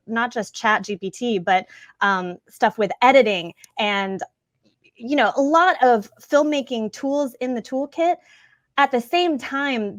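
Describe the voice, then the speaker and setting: A woman filmmaker being interviewed, answering in an articulate, measured way with a few fillers. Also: medium pitch, dry recording, studio quality. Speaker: filmmaker guest.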